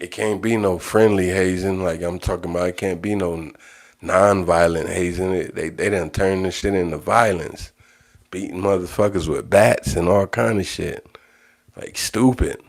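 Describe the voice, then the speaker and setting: A man's voice: low-pitched, steady tone, normal speed. A man hosting his own livestream, talking in a blunt, profane monologue that repeats phrases for emphasis. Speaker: livestream host.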